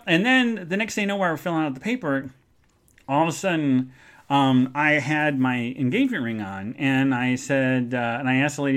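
Podcast host, man, somewhat high voice, rambling anecdote style, loose and chatty. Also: fairly quick, a bit bright. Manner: rambling, chatty storyteller with many fillers. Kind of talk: live show storytelling.

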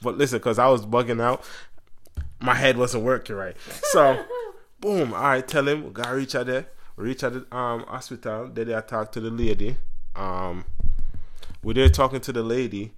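A man speaking, telling a story in loose, slangy podcast chat. He is animated, laughs often and acts out other people's lines as he goes. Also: mid-range voice, moderate pace. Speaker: podcast co-host. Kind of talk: casual storytelling.

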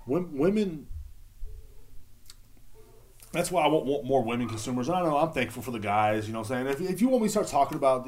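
A man's voice: mid-range voice, darkish tone, a little hiss or hum. A man, hosting a podcast in a casual, profane, rambling monologue. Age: 30s. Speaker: podcast host.

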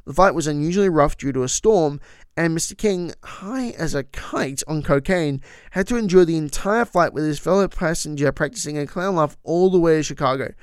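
A man's voice: a little high, moderate pace, smooth, dry recording, studio quality. A man hosting a podcast, talking casually and with opinions about trivia, with frequent asides. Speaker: podcast host.

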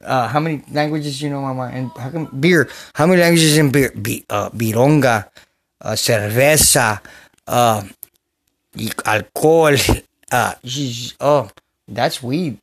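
A man hosting a casual podcast into a phone in a bedroom, rambling and joking with sudden shouts. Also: medium pitch, unhurried. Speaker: podcast host. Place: a bedroom at home.

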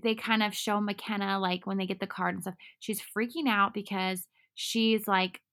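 A woman's voice: medium pitch, steady tone, normal speed, fairly bright tone. A woman chatting casually and animatedly, full of fillers, recapping episodes with a co-host. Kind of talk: casual chat recapping a dating show.

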